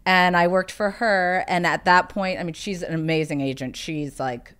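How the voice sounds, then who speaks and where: Woman guest from South Carolina, talkative storyteller, slightly low voice, casual interview. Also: steady tone, moderate pace, fairly bright tone, smooth. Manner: chatty storyteller, fillers of "like". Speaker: podcast guest.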